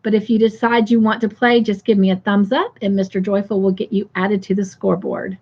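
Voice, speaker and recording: A woman's voice: medium pitch, little pitch movement, fairly quick, darkish tone, breathy edge, highs cut off. A woman hosting a casual livestream, chatting affectionately with viewers and reading out their comments. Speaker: livestream host.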